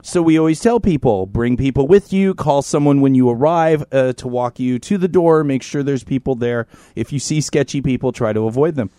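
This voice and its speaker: A man co-hosting a podcast, telling a story in casual chat, animated and profane, in a podcast studio. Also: medium pitch, moderate pace, hardly any pauses, dry recording. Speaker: podcast co-host. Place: podcast studio in North Hollywood.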